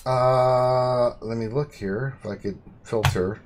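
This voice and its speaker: Male stream host, excitable, medium pitch, over steady hiss and clicks. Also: slow. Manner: excitable, bursts of exclamation. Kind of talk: casual gaming chat.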